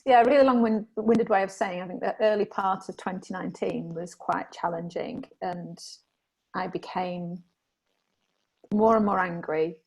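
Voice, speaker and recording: Woman guest, raspy and gravelly, candid and reflective. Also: medium pitch, unhurried, rough recording. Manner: candid and animated when reenacting herself. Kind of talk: reflective conversation.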